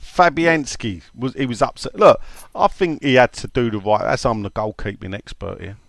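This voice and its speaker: A man's voice: medium pitch, moderate pace, creaky, dry recording. A man co-hosting a casual football podcast, reading listener questions and drifting into laughing anecdotes. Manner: rambling, laughing storyteller.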